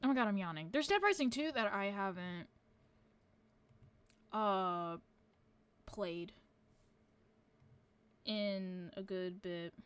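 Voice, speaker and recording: A woman's voice: medium pitch, lively intonation, slow, long pauses, smooth. A woman streamer chatting casually to her viewers, rambling with lots of fillers and casual swearing.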